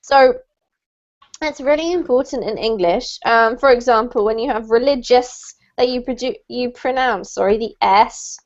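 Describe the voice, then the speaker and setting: A woman teaching an online English class over a video call, encouraging and slowing down to model words. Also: a little high. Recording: muffled lo-fi call audio.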